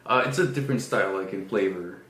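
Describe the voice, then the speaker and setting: A man in his thirties co-hosting a casual podcast, relaxed and agreeable with lots of fillers. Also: sits low, fast. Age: 30s. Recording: roomy echo with faint background noise.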